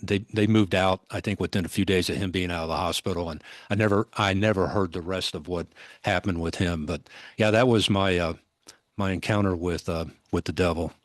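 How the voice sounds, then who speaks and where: Older guy, ex-cop on a podcast, low voice, dry close sound, tells it vivid but keeps stopping and restarting. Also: steady tone, dry recording. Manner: vivid, halting retelling with many restarts. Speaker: podcast guest, former police officer. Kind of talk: conversational storytelling.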